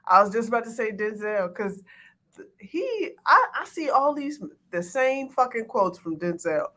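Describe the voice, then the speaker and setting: Bright-voiced blunt woman co-host. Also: on the high side, sing-song, moderate pace. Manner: emphatic, blunt and profane. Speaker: podcast co-host. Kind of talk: casual chat.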